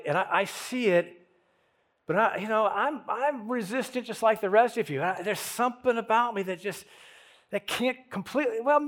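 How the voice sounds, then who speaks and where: A man preaching a sermon, moving from hushed lines to emphatic ones and repeating words as he thinks aloud. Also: high-pitched. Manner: dramatic swings from hushed to emphatic. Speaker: pastor.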